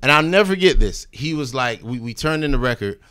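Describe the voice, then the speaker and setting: A man's voice: medium pitch, expressive, brisk, sharp tone, clear, resonant tone, dry recording, studio quality. A man casually telling a long story on a podcast, swearing freely, acting out the people he quotes and dropping "you know what I mean" asides. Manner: profane, laid-back, acts out quoted people. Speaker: recording artist guest.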